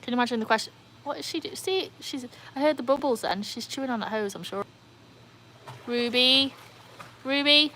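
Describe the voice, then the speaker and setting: A woman hosting a casual livestream by her pool, chatting excitedly and answering viewer comments. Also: a little high, quick pace, hardly any pauses, slight background noise. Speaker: livestream host. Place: outdoors by a backyard pool. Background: faint outdoor ambience, dogs.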